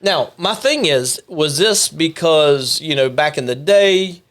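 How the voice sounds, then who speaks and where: Man, podcast co-host, casual joking chat, fairly high voice, lively intonation. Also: slow. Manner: animated, jokey, keeps steering back on track.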